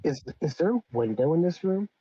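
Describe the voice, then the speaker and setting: A male player in a tabletop game speaks politely and measuredly. His voice is mellow and dark. It comes through a dull, lo-fi mic and sounds dry. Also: a little high, lively intonation, a little fast, breathy edge, no room sound. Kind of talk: casual tabletop game chat.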